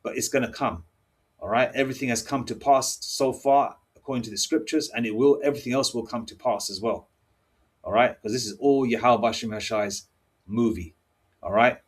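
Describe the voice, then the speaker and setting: A man of medium pitch and husky tone, a religious teacher, reads scripture aloud while preaching angrily. He speaks combatively and keeps asking "all right?" and "okay?".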